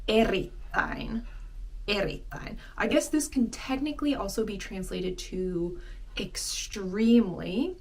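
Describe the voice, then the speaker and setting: A young adult woman teaching a language lesson, slowly repeating each word several times for learners. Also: mid-range voice. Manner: slow, repeats words many times for learners. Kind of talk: relaxed spoken language lesson.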